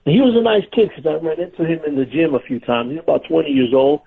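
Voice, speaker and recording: Talking fast in a husky, creaky voice that sits fairly high, this ex-pro wrestler swaps backstage stories during a casual interview. He laughs all the way through, lively and animated, and the phone line makes everything sound tinny.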